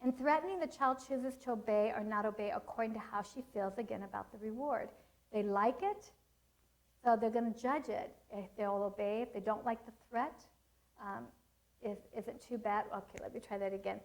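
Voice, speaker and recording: A woman's voice: a little high, low-quality recording. A middle-aged woman giving a parenting seminar, telling stories and teaching in an earnest way. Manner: earnest, storytelling with acted quotes. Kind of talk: seminar talk with personal stories.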